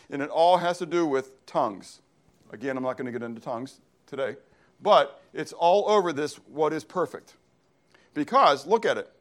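Emphatic male preacher asking call-and-response questions. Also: a little high. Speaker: pastor. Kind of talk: sermon.

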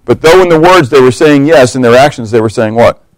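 A man's voice: medium pitch, brisk, dry recording, low-quality recording. A man preaching a sermon, telling stories with humor and acting out the voices of the people in them. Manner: animated storytelling, acting out quotes, humorous asides.

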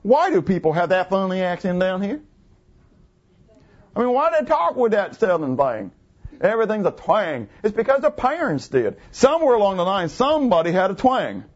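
A man in his fifties delivers a conversational sermon with a slightly higher voice than most men. He keeps throwing rhetorical questions at his listeners and answering them himself. The recording is muffled and lo-fi. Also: very animated, moderate pace. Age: 50s. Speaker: pastor.

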